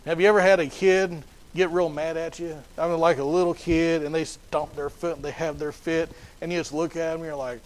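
Man, high voice, sermon, emphatic, repeats and restarts phrases. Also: little pitch movement, brisk, a little hiss or hum, low-quality recording. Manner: emphatic and repetitive, with frequent restarts. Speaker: preacher.

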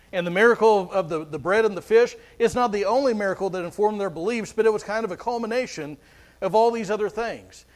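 A man preaching a sermon as pastor, earnest, often repeating words as he goes. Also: sits high.

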